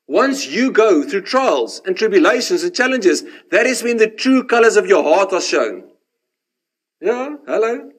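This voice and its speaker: A man, preaching a sermon and telling his own story, animated in the dramatic parts and hushed in the reflective ones. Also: high voice, measured pace, husky. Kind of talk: sermon with personal testimony.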